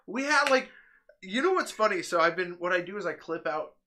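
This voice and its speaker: A man hosting a casual podcast chat, talking animatedly with laughter and swearing. His voice sits a touch high and comes out bright and forceful. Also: very animated, fast, slight background noise. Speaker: podcast host.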